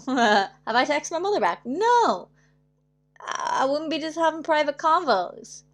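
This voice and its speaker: Young woman chatting on her livestream, bit high voice, tells stories and plays out what people said, laughs a lot. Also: sing-song, a little slow. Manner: chatty storytelling, acts out quoted voices, frequent laughs. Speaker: singer hosting her weekly livestream. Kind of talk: casual livestream chat.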